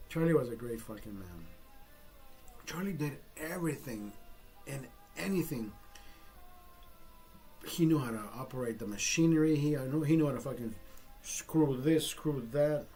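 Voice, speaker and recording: A man's voice: medium pitch, expressive, normal speed, pauses often, mellow, faint music behind. A man telling a personal story in a casual vlog, rambling and swearing freely with frequent restarts. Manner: profane, rambling, self-interrupting. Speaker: vlogger.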